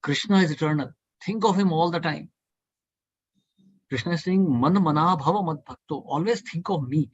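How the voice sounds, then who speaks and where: A man's voice: a little high, normal speed, husky, dry recording, lo-fi sound. A man leading a devotional scripture study class, urging listeners earnestly and repetitively to think and debate. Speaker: study group speaker.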